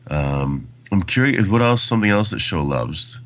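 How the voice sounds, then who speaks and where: A man's voice: sits low, lively intonation, moderate pace. A man co-hosting a podcast, talking about a film casually in a rambling way with many fillers. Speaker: podcast co-host.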